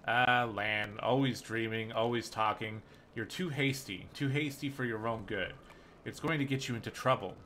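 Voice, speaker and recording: A man's voice: mid-range voice, normal speed, pushed and bright, a little hiss or hum, natural voice. A man reading the lines of a wary, aged, rat-faced mongrel chief in a game, in short clipped sentences, without much of a put-on voice. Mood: chiding.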